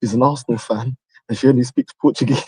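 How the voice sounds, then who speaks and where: A man's voice: mid-range voice, steady tone, quick pace, warm tone, a little hiss or hum, poor audio. A man hosting a live stream, telling stories in a laid-back chatty way with London slang. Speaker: channel host. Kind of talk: casual chat on a live stream.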